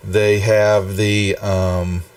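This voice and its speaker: A man's voice: lowish voice, little pitch movement, drawn-out words, smooth, no room sound, far from the mic. A man running a tabletop game on a live stream, rambling with many fillers and restarts. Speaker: game master.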